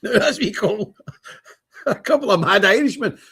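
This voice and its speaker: A man's voice: high-pitched, lively intonation, a little slow, bright, forceful tone, breathy edge. A man hosting a livestream, talking bluntly and emphatically, chuckling often. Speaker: livestream host. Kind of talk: casual ranting monologue.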